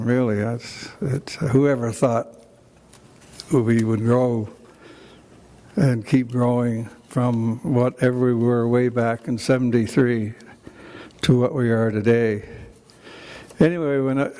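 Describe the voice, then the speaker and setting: In a banquet hall, an older Canadian man with a Canadian accent gives an emotional, halting hall of fame acceptance speech, restarting often. His voice is medium-pitched and mellow.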